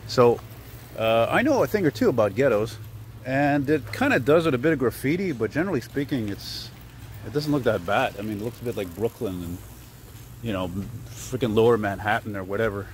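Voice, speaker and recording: A Canadian vlogger rambles as he walks down a city street, his chat full of fillers and digressions. His mid-range voice is animated and brisk, with a little hiss or hum on the recording.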